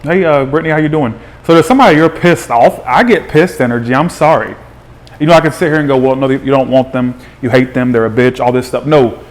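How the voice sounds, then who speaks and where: Animated man giving a tarot reading. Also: mid-range voice, fast. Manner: animated, chatty, greets viewers by name. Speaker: tarot reader.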